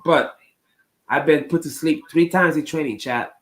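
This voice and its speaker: A man's voice: on the high side, measured pace, long pauses, a bit bright, poor audio. A man casually telling a long story to his live chat, rambling and repeating phrases, with plenty of ums. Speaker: streamer talking to chat.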